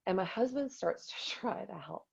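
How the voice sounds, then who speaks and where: A woman in her forties telling a lively personal story in a motivational talk to her team, acting out what she said. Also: medium pitch, normal speed, gravelly, slightly rough, highs cut off. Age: 40s. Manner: animated storytelling, acts out quotes.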